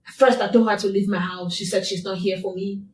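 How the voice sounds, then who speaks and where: A woman's voice: mid-range voice, fairly even intonation, fast. A woman guest in an interview, telling a personal story in a repetitive, emphatic way. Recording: echoey room, distant mic.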